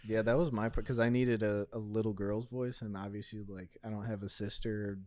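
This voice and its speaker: A man's voice: fairly low pitch, fairly even intonation, fairly quick, darkish tone, no room sound. A young man co-hosting a podcast, speaking in an offhand, self-deprecating way. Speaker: podcast co-host. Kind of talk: casual chat.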